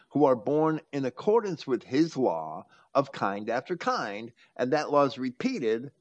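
A man's voice: mid-range voice, dull audio. A man hosting a talk, teaching from scripture with emphatic quoting. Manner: preachy, quotes scripture with emphasis. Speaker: host.

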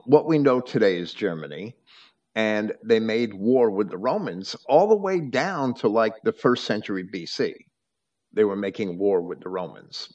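A man explaining at length in conversation, often restarting and repeating words as he goes. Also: lowish voice. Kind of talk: lecturing in conversation. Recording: muffled lo-fi audio.

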